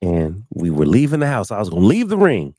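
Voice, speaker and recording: A man with a very low, dark and mellow voice tells a long personal story on a live talk stream, the sound close and dry. He slips into other people's lines with sudden leaps up in pitch, then drops back into an easy, chatty tone. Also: fairly quick, no echo. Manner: animated storyteller, acts out quotes with big pitch jumps. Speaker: show host. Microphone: studio mic, live stream.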